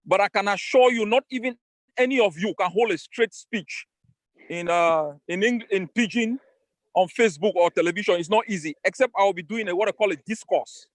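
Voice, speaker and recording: A man's voice: sits high, brisk, no echo. A man with a Cameroonian accent, a political leader giving an emphatic, defiant rallying speech over a video call. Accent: Cameroonian English. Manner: emphatic, defiant, repeats phrases for force.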